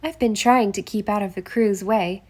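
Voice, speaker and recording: A woman's voice: medium pitch, normal speed, a little mellow, lightly acted. A woman reading an audiobook and voicing a young woman detective who asks polite but persistent questions. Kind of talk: audiobook character voice.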